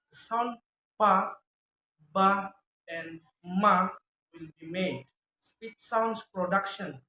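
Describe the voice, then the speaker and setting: A man reading a phonetics lesson aloud as a student presentation, sounding out each speech sound deliberately. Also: high-pitched, fairly bright tone. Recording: echoey room with faint ambient noise.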